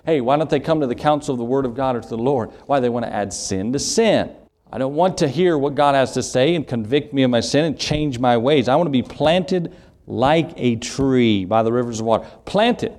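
A man's voice: mid-range voice, brisk, a little mellow. A man preaching a sermon, reading scripture aloud and asking rhetorical questions with emphasis. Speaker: pastor.

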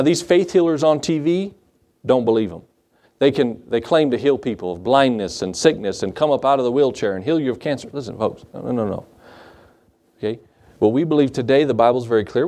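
A man's voice: medium pitch, darkish tone. Folksy preaching man quizzing his congregation. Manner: conversational preaching, asks the congregation questions and acts out Bible scenes. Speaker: pastor. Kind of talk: sermon.

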